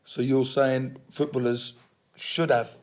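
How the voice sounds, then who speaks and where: A man's voice: medium pitch, little pitch movement, slow, darkish tone. Chatty male interviewer, plain and blunt. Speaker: host. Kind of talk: casual interview questions.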